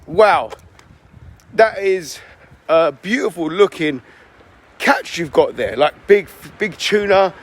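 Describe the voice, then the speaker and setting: A man voicing an eager, pushy male business executive in a told story, talking in a fast, persuasive pitch. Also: animated, full character voice.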